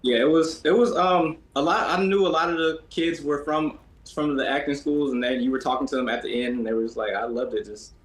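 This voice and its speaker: A man's voice: on the high side, steady tone, a little fast, few pauses. A man who works in social media, speaking in a thoughtful, hesitant way during a casual chat. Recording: roomy echo.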